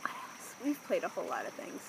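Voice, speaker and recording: A woman co-hosting a knitting podcast, chatting in a relaxed way and laughing along with her friend. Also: on the low side, fast talker, heavy background noise. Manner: relaxed, laughs along, adds short remarks. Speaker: podcast co-host. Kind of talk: casual chat.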